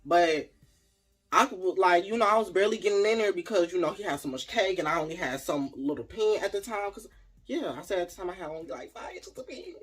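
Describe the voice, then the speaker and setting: Chatty man telling a storytime, raised pitch. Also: fairly quick. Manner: animated, chatty, addresses viewers directly. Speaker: vlogger. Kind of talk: casual storytime.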